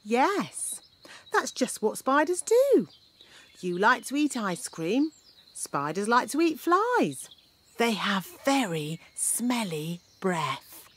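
Cartoon: a bossy fairy nanny, lectures kids, blunt, lively swooping pitch, unhurried. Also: female voice, slightly rough, exaggerated voice. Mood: instructive. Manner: bossy, lecturing, rudely frank. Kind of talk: cartoon voice acting.

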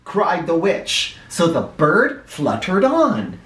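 A man reading a children's picture book aloud in a playful, animated way. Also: a little high, takes it slowly, a little hiss or hum. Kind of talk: read-aloud storytelling for kids. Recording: echoey room, mic at a distance.

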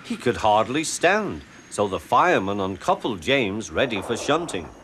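A man narrating a children's railway story in an animated, expressive way. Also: lowish voice, moderate pace, slight background noise. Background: music.

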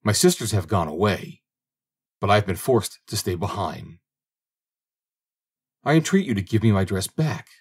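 A man's voice: lowish voice, lively intonation, moderate pace, long pauses, a little mellow, husky. A man voicing an enchanted young princess who pleads formally for help, in a fairy-tale audiobook, close to his own voice. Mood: pleading. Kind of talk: audiobook character reading.

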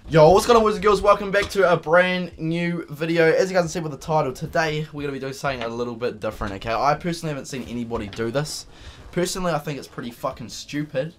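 A man's voice: a little high, fast talker, slight background noise. A young man hosting a gaming video, giving casual, profane, joking commentary while he plays.

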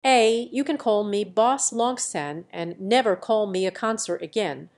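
A woman's voice: medium pitch, measured pace, a little mellow, natural voice. A woman reading a bold young male hero.

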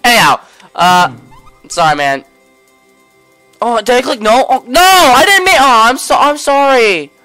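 A goofy teenage gamer from the United States gives excitable, jokey commentary as he plays. His voice is bright and springy, swinging widely in pitch, with game music playing faintly behind him. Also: a little slow, pauses often. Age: teens. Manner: goofy, exclaiming, reacting loudly. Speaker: gaming video host. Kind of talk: gameplay commentary.

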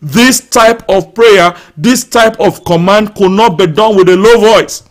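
A man preaching a sermon in a high-pitched voice for his build. He reads scripture calmly, then turns fervent, crying out, declaring and praying loudly over the people listening. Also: unhurried. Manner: fervent preaching, rising to loud shouts; speaks in tongues and prays aloud over listeners. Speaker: pastor. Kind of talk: live-streamed sermon.

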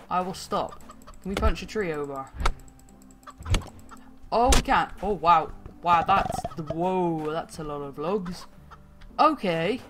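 A woman hosting a gaming channel, giving excitable let's-play commentary, swearing freely and laughing often as she plays. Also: fairly low pitch.

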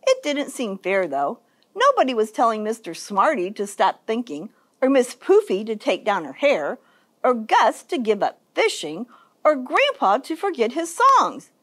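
A woman children's librarian reading a picture book aloud for story time, in an expressive, sing-song storytelling manner. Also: fairly high pitch, unhurried.

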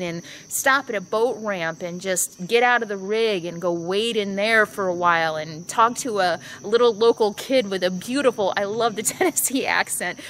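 Outdoors by a trailhead, a woman vlogs casually about RV living, her thoughts meandering and circling back with frequent restarts. She speaks in a mid-range, slightly bright voice, and there's a little background noise.

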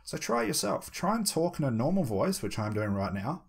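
A man teaching voice techniques for hypnosis, moving between his normal talking voice and a slow, measured delivery with deliberate pauses. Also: fairly high pitch, very animated, gravelly, breathy edge. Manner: shifts into slow, measured pauses when demonstrating. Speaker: hypnosis instructor. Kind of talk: instructional talk.

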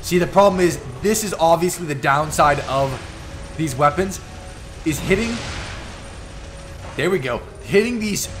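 A man giving excitable live commentary over his own gameplay, teasing and taunting the opponents as he plays. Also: fairly high pitch. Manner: excitable, trash-talking the enemies. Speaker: gaming YouTuber.

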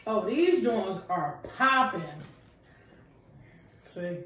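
A woman's voice: medium pitch, animated, extremely slow, a bit bright. A woman chatting easily while eating on a food review show, teasing her friend. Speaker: co-host. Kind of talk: casual mukbang chat. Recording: very echoey room, mic at a distance.

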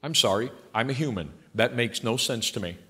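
Older male pastor, emphatic folksy sermon, mid-pitched voice, reverberant sanctuary. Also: expressive, fairly quick. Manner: emphatic, swinging from quiet asides to loud passionate outbursts; blunt and folksy. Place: large church sanctuary. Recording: long hall reverb in a church.

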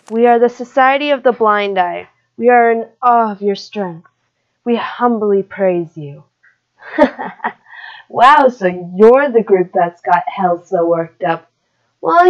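A woman's voice: mid-range voice, dull audio. Woman voicing Axeman, mocking demon in a boy's body. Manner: mocking, slow, cruel laughs. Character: gloating male dream demon possessing a boy.

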